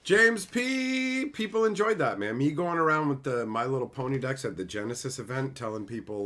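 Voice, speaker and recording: A man chatting casually on a home livestream, swearing freely and mocking as he rambles. He answers viewers in chat by name, and his voice sits at an ordinary middle pitch. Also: animated, moderate pace, hardly any pauses, fairly bright tone. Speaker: livestream host.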